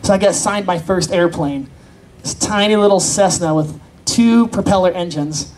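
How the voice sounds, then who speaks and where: A man's voice: sits high, moderate pace, darkish tone. A man doing open-mic stand-up, chatty and self-deprecating, bantering with the crowd. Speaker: stand-up comedian. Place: convention stage in front of an audience.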